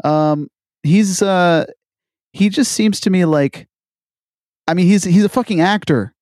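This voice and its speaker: A man's voice: high voice, measured pace, a little mellow, dry recording, studio quality. A man co-hosting a casual chat podcast, rambling and profane with lots of hesitation. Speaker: podcast co-host.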